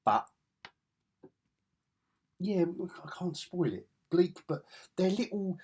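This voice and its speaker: A man's voice: high-pitched, sing-song, slow, darkish tone, husky. An English man with an enthusiastic, rambling way of talking, reviewing comic books in a casual vlog. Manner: rambling, enthusiastic, self-correcting.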